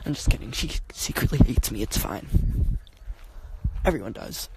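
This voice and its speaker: A young woman livestreaming from her yard at night, chatting casually with viewers, jumpy and swearing, often dropping to hushed whispers. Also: a bass voice, sing-song, unhurried, noisy background. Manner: jumpy, swearing, lots of "like" and "oh my god". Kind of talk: casual live stream chat. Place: outdoors at night around a house and yard.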